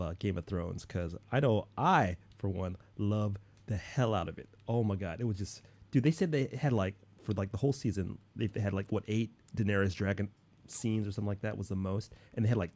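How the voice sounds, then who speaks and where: A man's voice: lowish voice, darkish tone. A man hosting a casual livestream chat, laid-back, repeating himself and saying dude a lot. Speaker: livestream host.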